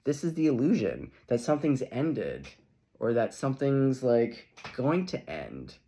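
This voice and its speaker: A middle-aged man talks viewers through a tarot spread in a loose, chatty way. His pitch is animated and swings widely, and he keeps slipping into playful asides and little laughs. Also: a little slow. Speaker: tarot reader. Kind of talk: casual tarot reading to camera.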